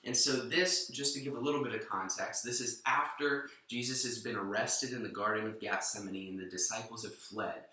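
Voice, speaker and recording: A man's voice: lowish voice, fairly even intonation, a little fast, few pauses, sharp tone, heavy reverb, distant mic, poor audio. A young man giving a short, informal sermon, earnest and often restarting his sentences. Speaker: youth minister.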